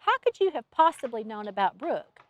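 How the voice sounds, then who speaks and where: A woman's voice: fairly high pitch, sing-song, fairly quick. A woman voicing Alex, a wary, heartbroken young innkeeper who speaks in a curt, suspicious way.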